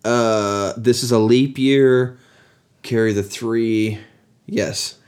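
Goofy dad podcast host, jokey teasing tone, middle pitch, casual chat. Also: male voice, steady tone, drawn-out words, darkish tone, clean tone. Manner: joking, playful teasing. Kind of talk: casual chat with his son.

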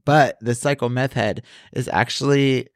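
A man's voice: medium pitch, fairly even intonation, a little slow, no room sound, studio quality. Profane, laughing podcast storyteller man. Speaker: podcast co-host. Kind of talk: casual chat.

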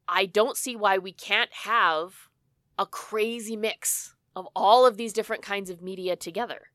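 An enthusiastic woman co-hosting a casual book podcast, quick to gush over ideas. Her voice is smooth and clear, captured dry and close on the mic. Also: mid-range voice, pushed and bright, no room sound. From Canada. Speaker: podcast co-host. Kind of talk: casual book club chat.

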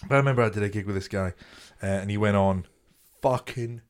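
A man, co-hosting a casual comedy chat, swearing freely and telling stories in quick, restarting bursts between laughs. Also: on the low side, clear, resonant tone. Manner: sweary, laughing, animated storyteller; talks in quick bursts, restarting and repeating himself. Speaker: podcast co-host, comedian.

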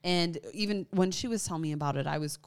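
A woman co-hosting a casual chat, reacting with quick sympathetic remarks. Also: on the low side, smooth.

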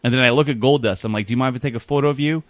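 A storytelling guest races along in a medium-pitched voice on a dry recording. His casual anecdote rambles on at length, lively and crowded with fillers and reported dialogue.

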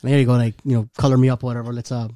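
A man's voice: mid-range voice, racing. A man telling a long, funny anecdote in casual chat with friends, acting out what people said. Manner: animated storytelling, acting out quotes. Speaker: storyteller in a group chat.

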